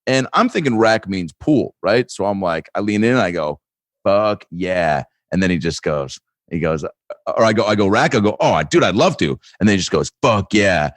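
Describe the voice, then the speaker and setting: A man's voice: fairly low pitch, expressive, a little fast, no echo. A man on a comedy podcast telling a long rambling story with lots of fillers and restarts, often breaking into laughter. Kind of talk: casual chat, storytelling.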